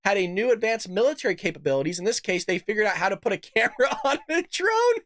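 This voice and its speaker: A man's voice: high voice, very fast, a bit bright, no room sound, clean studio sound. A man hosting a casual political commentary show, ranting, swearing and laughing often. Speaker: podcast host.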